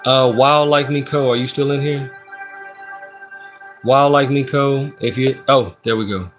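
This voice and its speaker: Male tarot streamer, easygoing and slangy, medium pitch, chatting over steady background music. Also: unhurried, long pauses. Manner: laid-back and slangy, reads out chat and gives shout-outs. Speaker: tarot reader and live streamer. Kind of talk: casual live-stream tarot reading.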